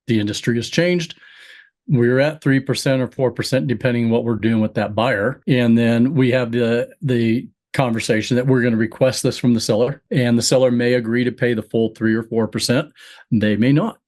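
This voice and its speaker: A man with a voice in the ordinary middle pitch range, speaking as a real estate agent on a group call. He explains his process in a calm, matter-of-fact way. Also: moderate pace.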